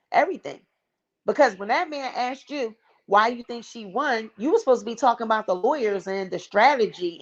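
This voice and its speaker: A woman's voice: medium pitch, lo-fi sound. A woman hosting a casual gossip commentary vlog, blunt, sassy and profane. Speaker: vlog host.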